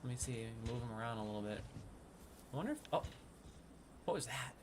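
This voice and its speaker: A man giving casual gameplay commentary as a streamer, excitable, swinging from hushed sneaking talk to loud outbursts. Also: medium pitch, fairly quick, slight background noise. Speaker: gaming streamer.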